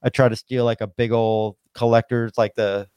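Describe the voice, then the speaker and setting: A man talking loosely on a podcast, his speech full of filler words and swearing, wandering from one point to the next. His voice sits in an ordinary middle pitch. It is picked up close and dry, with no room sound. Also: level tone, moderate pace, a little mellow, clean tone, dry recording. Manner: rambling, heavy swearing, lots of "like" and "dude". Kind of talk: casual chat.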